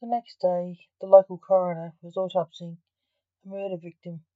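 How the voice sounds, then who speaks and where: A woman, the author, reading her own story aloud in slow, measured storybook narration. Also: fairly low pitch, level tone, warm tone, dry recording, lo-fi sound.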